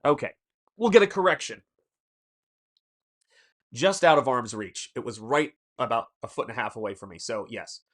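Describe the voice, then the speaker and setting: A man's voice: mid-range voice, expressive, normal speed, long pauses. Rambling Southern man hosting a livestream. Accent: Southern American. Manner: rambling, reads chat aloud, many fillers and restarts. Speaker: artist and livestream host. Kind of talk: casual livestream chat while painting.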